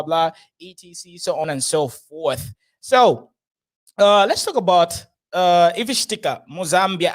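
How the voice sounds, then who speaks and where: High-voiced man commenting. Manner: chatty, laughs often. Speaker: host. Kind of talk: casual political commentary.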